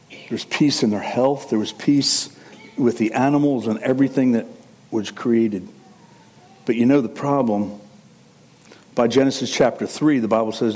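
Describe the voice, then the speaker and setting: A male pastor preaching a sermon in an animated, conversational way, with asides and self-corrections. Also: mid-range voice, breathy edge.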